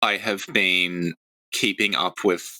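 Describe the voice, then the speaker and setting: A man's voice: sits low, fairly even intonation, slow, bright, forceful tone, dry recording, low-quality recording. A man taking part as a player in a tabletop game, talking casually with hesitations.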